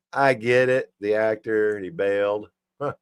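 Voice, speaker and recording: A man hosts a livestream, reading jokes one after another and adding his own chuckling remarks. His voice sits on the low side. The sound is dry and close, with no room echo. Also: steady tone, takes it slowly, clear, resonant tone. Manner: reads jokes then chuckles and comments on them. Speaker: livestream host.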